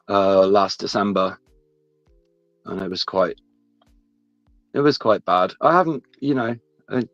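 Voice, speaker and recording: A man telling a personal story in casual chat, halting and restarting often. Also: fairly low pitch, no echo. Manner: rambling, halting, many restarts. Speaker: guest. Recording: dull lo-fi sound, faint music behind.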